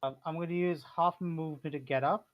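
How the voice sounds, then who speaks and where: A man's voice: a little high, fairly even intonation, fairly quick. A man playing a tabletop game, declaring his moves with hesitant ums and uhs. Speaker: player. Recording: dull lo-fi.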